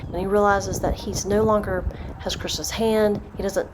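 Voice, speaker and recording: A woman as a meditation guide, telling a storytelling meditation in a soft, slow, repetitive way. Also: medium pitch, little pitch movement, background noise.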